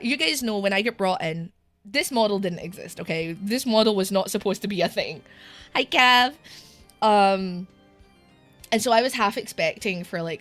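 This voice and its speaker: A woman's voice: mid-range voice, moderate pace, a bit bright, soft background music. A young British woman streaming live, with a sore throat, talking candidly and emotionally, near tears and laughing between sentences. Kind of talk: casual live-stream chat.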